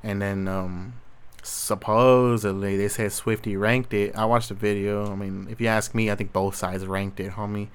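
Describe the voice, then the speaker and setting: A man's voice: lowish voice, flat delivery, moderate pace, smooth. A man hosting a solo podcast, ranting casually with blunt opinions, heavy street slang and constant swearing. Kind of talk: casual commentary rant.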